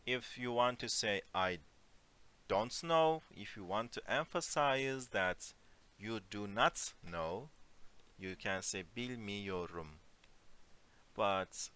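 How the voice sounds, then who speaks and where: A man teaching an online Turkish lesson in English, explaining phrases slowly and giving spoken examples. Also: lowish voice, sharp tone, clear, resonant tone. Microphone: computer mic on a voice call.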